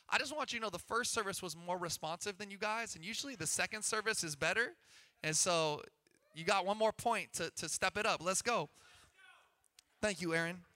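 A man in his thirties preaching a sermon as pastor, energetic and emphatic, climbing to loud peaks. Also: sits high, dry recording.

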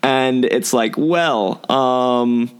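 A man's voice: mid-range voice, extremely slow, clean tone. A young man co-hosting a podcast, rambling through a casual recap with frequent laughs. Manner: chatty, rambling, laughs often. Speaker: podcast co-host.

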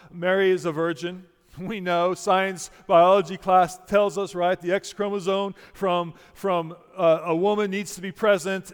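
A middle-aged man preaching a sermon as pastor, prayerful and conversational, often restarting words and dropping quiet. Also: high voice, smooth, big-room sound. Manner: prayerful, softening to near-quiet, with many restarts.

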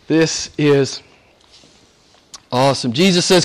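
A man preaching a sermon, swinging from hushed, whispered lines to loud, high exclamations, with playful asides and frequent laughs. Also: slow pace, pauses often.

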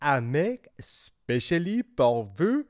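A woman playing an overeager French cafe cook in a comedy sketch, speaking with a thick put-on French accent and tagging lines with a high "eh?". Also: big pitch swings, slow, darkish tone, no room sound, clean studio sound, full character voice. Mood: fawning.

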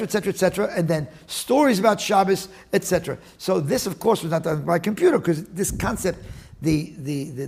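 A man interviewed as a guest, explaining his work in an animated, digressive way with many restarts. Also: a little high, creaky. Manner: animated, digressive, with frequent restarts and Talmudic terms. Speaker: guest, attorney and index author. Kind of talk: casual interview talk.

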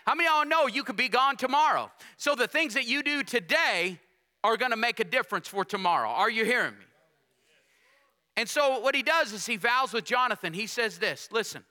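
Male preacher, high and very bright tone, call-and-response sermon with dramatic scripture reading. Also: animated, brisk. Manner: call-and-response preaching, rhetorical questions to the congregation; reads scripture aloud with dramatic emphasis.

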